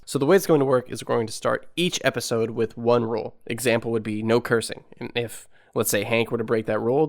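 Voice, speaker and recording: Laid-back young man co-hosting a podcast. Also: mid-range voice. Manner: laid-back, joking, explains things at length. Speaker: podcast co-host. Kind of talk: casual chat.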